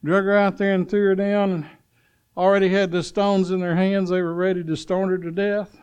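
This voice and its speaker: A man preaching a sermon, swinging between loud urgent calls and hushed storytelling, asking the congregation if they are listening. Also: sits high, level tone, moderate pace, clean tone.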